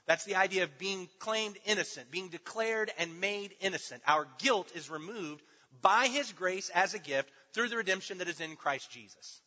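A man preaching a teaching sermon, emphatic, swinging between loud stressed words and hushed asides. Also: high voice. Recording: dull sound with long hall reverb.

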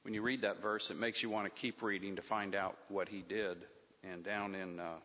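A man in a group Bible class commenting on a scripture passage in a plain, steady way. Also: lowish voice, moderate pace, slight background noise. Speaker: Bible study participant. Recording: long reverb, dull lo-fi sound, from the mic.

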